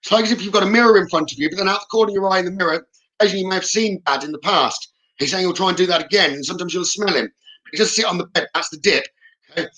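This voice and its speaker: A man's voice: high-pitched, rapid-fire, pushed and bright, low-quality recording. A man working as a psychic medium in a live reading, relaying messages in a reassuring way and often checking in with "okay?". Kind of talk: live-streamed spirit reading.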